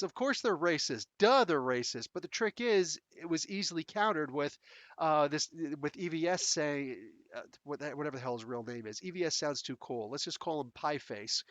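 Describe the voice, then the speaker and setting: Podcast host, male, slightly high voice, rambling sarcastic chat, dry close-mic sound. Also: a bit bright, dry recording. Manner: rambling, blunt and sarcastic, laughs often. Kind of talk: casual solo podcast chat. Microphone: close desk mic.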